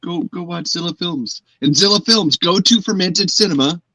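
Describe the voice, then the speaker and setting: A man's voice: sits high, moderate pace, bright, forceful tone, no echo, rough recording. A man hosting a casual chat show, joking and swearing, who now and then slips into silly put-on voices. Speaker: podcast host.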